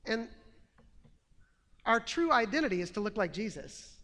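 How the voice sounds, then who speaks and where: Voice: mid-range voice, sing-song, moderate pace, fairly bright tone, long reverb tail. A preacher giving a conversational sermon. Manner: conversational, reading a quote aloud.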